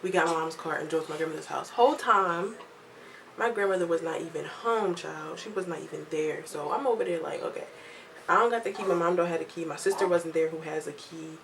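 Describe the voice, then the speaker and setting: A young woman telling a casual storytime vlog at home, lively and chatty, acting out what others said. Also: deep voice, brisk, creaky, slight background noise, rough recording. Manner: chatty, animated quoting of others, laughs often. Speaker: vlogger.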